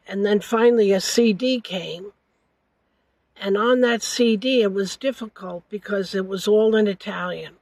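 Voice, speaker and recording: An older woman recounting a family story in an interview, halting and correcting herself as she goes. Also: mid-range voice, a little mellow, dry recording, low-quality recording. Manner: halting, with frequent hesitations and self-corrections.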